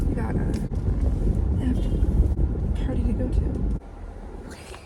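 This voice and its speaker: A woman's voice: mid-range voice, fairly even intonation, unhurried, pauses often, heavy background noise. A young woman vlogging in a casual, rambling way, filling her talk with "like" while chatting about her day. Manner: chatty, rambling, heavy use of "like". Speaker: vlogger and preschool music teacher. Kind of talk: casual vlog chat.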